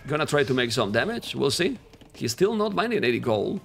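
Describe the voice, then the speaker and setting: Excitable male esports caster. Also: medium pitch, a little fast, creaky, soft background music. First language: Spanish. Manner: excitable, animated casting voice, non-native grammar. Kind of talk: live game commentary.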